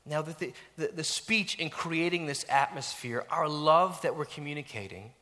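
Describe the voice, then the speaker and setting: A middle-aged man preaching a sermon as a pastor, animated and self-mocking, dropping to near-whispers at times. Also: a little high, normal speed. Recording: long reverb of a church hall.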